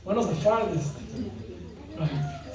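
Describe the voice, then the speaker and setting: Speaking slowly in a mid-range voice, the devotional speaker keeps a casual spiritual talk light with jokes and quizzes that draw frequent laughter. A crowd is audible in the large hall, and the distant mic makes everything very echoey.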